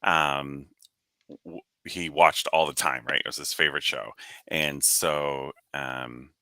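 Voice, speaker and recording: A man co-hosting a casual live chat, joking and laughing often, with halting restarts. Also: rumbling low, fairly even intonation, bright, forceful tone, no echo. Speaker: co-host.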